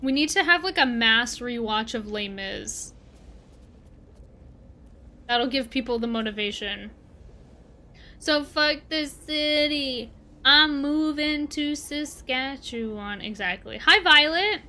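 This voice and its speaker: A Canadian woman streaming a game, her voice high and bright. She chats loosely with her viewers as she plays and answers them as they come in. The talk is casual and rambling. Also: expressive, a little slow. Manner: chatty, talks back to chat while playing. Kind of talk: casual livestream chat.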